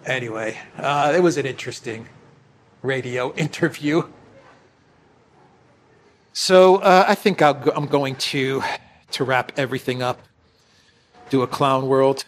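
A man's voice: mid-range voice, measured pace, pauses often, a little hiss or hum. A man hosting a casual commentary monologue, sarcastic, laughing often and restarting his phrases. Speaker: host.

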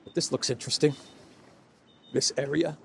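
A man's voice: on the high side, fairly even intonation, moderate pace, gravelly, slight background noise. A man giving mocking, rambling political commentary while walking through an indoor food court, recorded on a handheld phone. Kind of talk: casual walk-and-talk vlog.

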